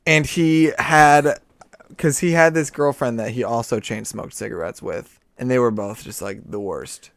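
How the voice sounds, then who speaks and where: A man's voice: mid-range voice, a little slow, creaky, no room sound. A young man co-hosting a podcast, telling rambling stories in a sardonic, casual way. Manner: rambling, sardonic, laughs often. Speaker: podcast co-host. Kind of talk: casual storytelling chat.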